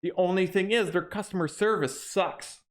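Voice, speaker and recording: A young man whose voice sits high co-hosts a podcast at normal speed. His casual chat rambles, and he restarts sentences often.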